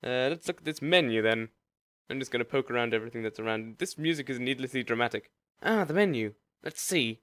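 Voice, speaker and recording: A man's voice: medium pitch, brisk, fairly bright tone, dry recording. A young man giving joking, chatty commentary while playing a game. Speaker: let's-play gamer.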